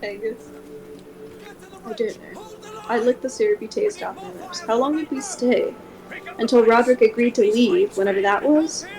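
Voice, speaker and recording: A woman streamer reading a gothic horror novel aloud in a steady first-person voice. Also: a little high, moderate pace, long pauses, soft background music, low-quality recording.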